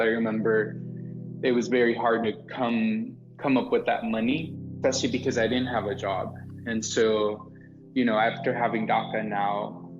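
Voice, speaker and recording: A young man answering an interview in a measured, unhurried way. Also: mid-range voice. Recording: dull lo-fi recording.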